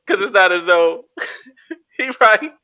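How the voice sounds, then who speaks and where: A man's voice: sits high, animated, slow, sharp tone. A man co-hosting a casual talk show, joking, laughing often and cursing freely. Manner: jokey, laughs often, profane. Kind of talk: casual chat. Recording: dull lo-fi sound.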